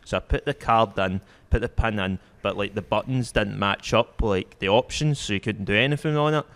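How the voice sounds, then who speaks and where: A man with a Glaswegian accent, telling a story in a laid-back, deadpan way and laughing through it. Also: lowish voice, normal speed, long reverb tail. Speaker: comedian guest. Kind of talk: casual storytelling.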